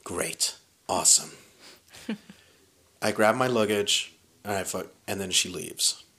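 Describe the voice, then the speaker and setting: A man's voice: low-pitched, takes it slowly. A young man telling a wild story on a podcast, swearing freely and laughing as he goes. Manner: profane, animated, laughing through the story. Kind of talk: casual storytelling chat.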